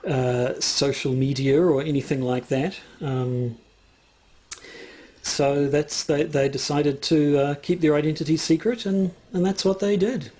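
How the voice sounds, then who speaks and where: A man's voice: a little high, steady tone, a little slow, mellow. A man co-hosting a podcast, chatting casually with a rambling, hesitant way of talking, full of fillers and restarts. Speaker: podcast co-host. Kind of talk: casual chat.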